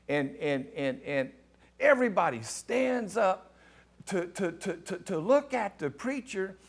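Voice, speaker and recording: A middle-aged pastor telling a personal testimony in a sermon, animated and excitable, with a gravelly voice. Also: male voice, moderate pace. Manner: animated storyteller, rising to excited high pitch at climaxes. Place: television studio.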